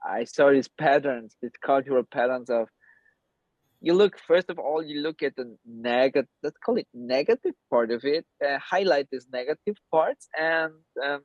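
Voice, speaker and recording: A man's voice: medium pitch, moderate pace, no echo. Blunt man, dull dry call audio. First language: German. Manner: blunt, swears freely, rambling and animated. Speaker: guest, men's coach. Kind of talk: casual interview on a call. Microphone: video call.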